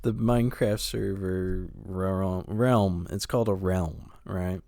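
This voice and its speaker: Easygoing young man, low dry voice. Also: steady tone, slow pace, vocal fry, darkish tone, no echo. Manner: easygoing, hesitant with fillers and restarts, chuckles often. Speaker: podcast co-host. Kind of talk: casual chat.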